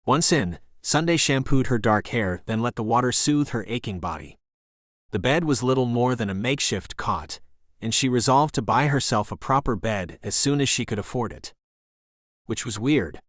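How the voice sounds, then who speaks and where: Expressive male audiobook narrator. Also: mid-range voice, moderate pace, no room sound, studio quality. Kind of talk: scripted narration.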